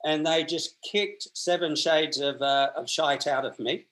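A man's voice: fairly high pitch, measured pace, a bit bright. A man, telling stories as a podcast guest, acting out voices, with many restarts. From Australia. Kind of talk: casual storytelling.

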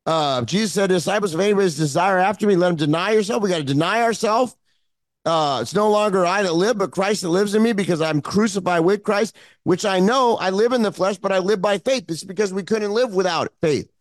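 High-voiced fervent male preacher. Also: brisk, no echo. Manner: fervent preaching, repeating phrases. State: emotional. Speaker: pastor. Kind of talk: sermon.

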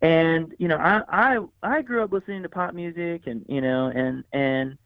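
A man's voice: fairly high pitch, normal speed, dry recording. A man telling stories in an interview as a guest musician, rambling with many fillers and restarts and acting out what people said. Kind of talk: conversational storytelling interview. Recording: tinny phone-like line, dry.

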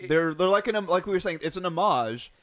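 A man co-hosting a casual movie-review podcast, jokey and animated, prone to breaking into song. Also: high-pitched, fairly quick. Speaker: podcast co-host.

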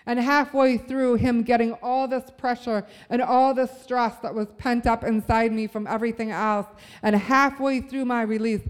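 Woman preaching with a smooth, higher voice. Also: in a large hall. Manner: earnest, storytelling, rising to fervent. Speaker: speaker at a church service. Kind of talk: sermon with personal story.

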